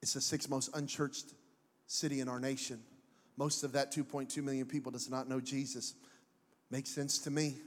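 Animated preacher in an echoing hall. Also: male voice, medium pitch. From Mexican heritage. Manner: animated, jokey preaching with put-on voices. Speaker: pastor. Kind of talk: sermon. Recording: echoey hall with long reverb.

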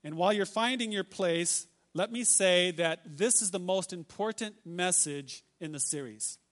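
High-voiced pastor preaching emphatically. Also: male voice, fairly bright tone. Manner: measured, emphatic, repeats key phrases slowly. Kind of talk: sermon.

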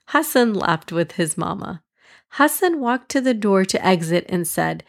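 A woman narrating a children's storybook in an even, measured read-aloud voice. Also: on the low side.

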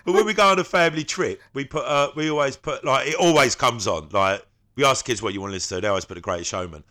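A man's voice: mid-range voice, fast, bright, forceful tone. A man, a podcast co-host telling stories in casual, slangy chat and laughing often.

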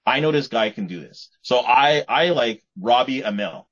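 Husky-voiced man, rambling podcast chat. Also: mid-range voice, animated, normal speed, a bit bright. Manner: rambling, repeats and restarts words. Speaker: podcast co-host. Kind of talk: casual chat. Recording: muffled lo-fi podcast audio.

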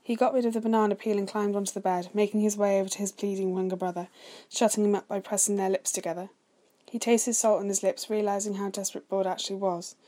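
A woman reading fan fiction aloud in a soft, hushed voice that sometimes drops to a whisper. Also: mid-range voice, level tone, fast talker. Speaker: story reader.

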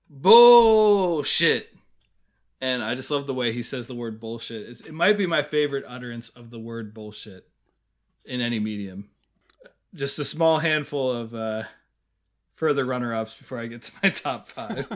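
A man's voice: medium pitch, fairly bright tone. Guy cohosting a podcast, laid-back chat, keeps laughing while he retells stuff. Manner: laughs often, retells scenes with quoted voices. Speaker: podcast co-host. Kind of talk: casual review chat.

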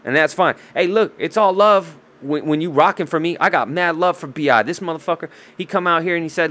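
A man's voice: a little high, a little fast, hardly any pauses, pushed and bright. A man ranting casually about basketball, heated and profane, full of trash talk, restarts and rambling asides. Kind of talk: casual sports rant.

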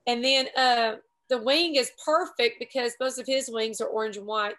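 A woman's voice: a little high, fairly bright tone, poor audio. A middle-aged woman, rambling through a story in casual group chat and poking fun at herself. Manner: chatty, rambling, quick to laugh at herself. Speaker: paramotor pilot telling a story.

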